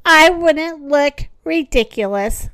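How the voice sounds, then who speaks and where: Storybook figure: a woman voicing a gloomy hippo, high and slow, wistful. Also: lively intonation, fairly bright tone, no echo, heavily acted. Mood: sad. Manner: wistful, mournful sighing delivery. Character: sad, self-conscious female hippopotamus. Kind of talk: storybook read-aloud.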